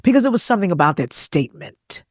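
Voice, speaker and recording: A woman, a gospel singer and pastor, talking as a podcast guest in an earnest, confiding way with soft chuckles, in a studio. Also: lowish voice, very animated, quick pace, dry recording. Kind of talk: candid emotional storytelling.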